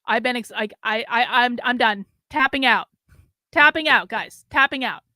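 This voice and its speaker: A middle-aged woman hosts her own show alone, rambling through her thoughts with lots of fillers, exasperated and drained. Her voice sits a little high and sounds bright and forward. It is recorded dry and close. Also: normal speed, no echo. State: drained and low on energy. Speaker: host. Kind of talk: casual solo commentary.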